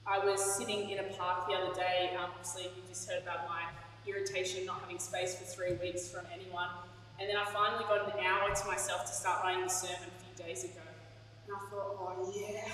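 Woman, candid, chatty, sermon, booming hall echo, far from mic. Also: flat delivery, fairly quick, a bit bright, slight background noise. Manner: candid, chatty, laughs at herself. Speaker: pastor.

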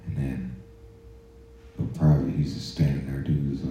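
Pausing often, an army veteran who hosts a podcast speaks a little slowly in a rumbling low voice. His casual stories are profane and laid-back, slipping into quiet asides, and the muffled recording comes from an echoey room.

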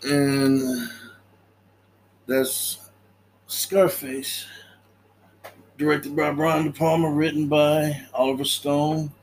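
A man's voice: on the high side, flat delivery, extremely slow, long pauses. A man casually recapping a movie in a laid-back way, laughing often and acting out lines.

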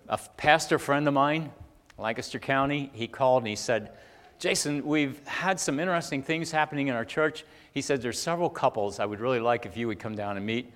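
A man preaching a sermon as a pastor, rising to loud emphasis and then dropping to quiet, intimate talk. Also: mid-range voice. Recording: long hall reverb.

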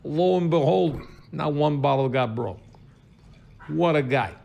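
A man putting on the voice of a tough-talking mobster with a gruff wiseguy swagger. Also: fairly high pitch, unhurried, darkish tone, muffled recording. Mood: boastful. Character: tough-talking male mobster type, brash.

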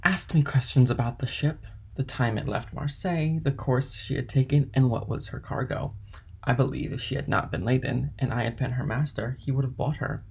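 A man with a gravelly, husky voice voicing a dutiful young male ship's mate in an audiobook reading. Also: medium pitch, normal speed. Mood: earnest.

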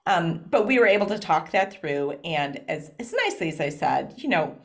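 A woman guest talking casually in an interview, animated and laughing often, with frequent fillers. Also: on the low side, normal speed. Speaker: guest, speaker and parent.

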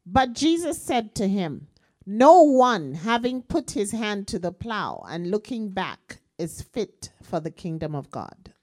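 A woman's voice: mid-range voice, very animated, slow pace, darkish tone, dry recording. Woman reading scripture, dry close sound. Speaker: scripture reader. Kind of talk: reading Bible verses aloud.

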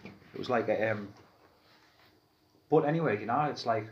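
A man with a North East English accent rambles through loose, jokey podcast banter at a middling pitch. He drifts from topic to topic and laughs at his own gags. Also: moderate pace, highs cut off. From Peterlee, England. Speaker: podcast co-host. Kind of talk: casual banter.

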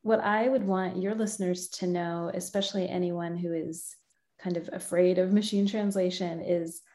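Woman podcast guest, low mellow voice, friendly, laughs often, thoughtful. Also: fairly even intonation, moderate pace. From United States. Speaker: guest, localization professional. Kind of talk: podcast interview answers.

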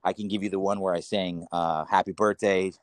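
A man from the Los Angeles area tells rambling, animated stories as a podcast guest, restarting sentences and laughing along the way. His voice sits low for a man, and the recording is dry and close. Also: brisk, no echo. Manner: rambling, animated, self-correcting, laughs mid-story. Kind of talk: casual storytelling.

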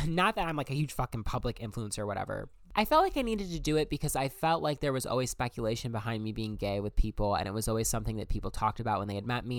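A young man speaking in a smooth, clean voice, telling his own story in a candid, emphatic monologue. He swears freely, and the sound is dry and close. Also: on the low side, no room sound. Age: young adult. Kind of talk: personal monologue.

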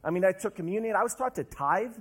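Man, 20s, preacher, personal testimony, conversational, self-deprecating, slightly high voice. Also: expressive, quick pace, breathy edge. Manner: conversational and self-deprecating, with frequent laughs and fillers.

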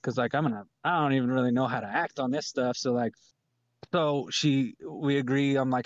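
A man telling a comedic story in a casual, rambling way, often sinking into a low mutter. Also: moderate pace, no room sound, dull audio. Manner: laid-back, rambling, drops to a low mutter for his own thoughts.

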